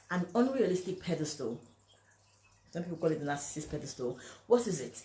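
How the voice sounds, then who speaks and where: A woman's voice: fairly low pitch, a little hiss or hum. Woman giving relationship advice, emphatic, acts out what people say, echoey room. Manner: emphatic, acts out quoted lines, asks "you understand?". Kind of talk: talking to camera, giving advice.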